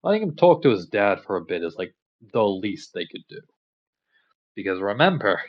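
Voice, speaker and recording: A man casually retelling a story in a relaxed, rambling way with lots of fillers. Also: mid-range voice, muffled recording. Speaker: commentator.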